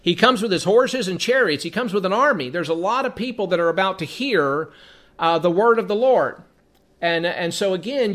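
High-pitched guy doing a bible teaching, reads the verses then explains them casually, repeats himself a lot. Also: a bit bright. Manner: explains verse by verse, reading passages then commenting; repeats words while thinking. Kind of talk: conversational scripture teaching.

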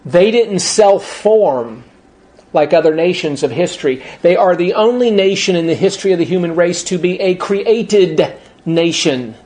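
Emphatic male preacher, slightly high. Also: darkish tone. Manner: emphatic, conversational asides, slows words for stress. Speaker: pastor. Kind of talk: sermon.

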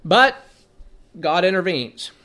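A man's voice: high voice, big pitch swings, slow, bright, forceful tone. A man teaching from the Bible, reading passages aloud and then explaining them in a conversational way, often repeating words as he thinks.

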